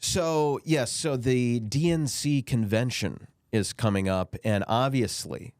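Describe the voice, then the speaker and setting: A man of ordinary pitch co-hosting a podcast, trading sarcastic political banter. He plays mock outrage and often jumps into high, squealing mocking voices. The sound is close and dry, with no room around it. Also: takes it slowly, a little mellow, no echo. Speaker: podcast co-host.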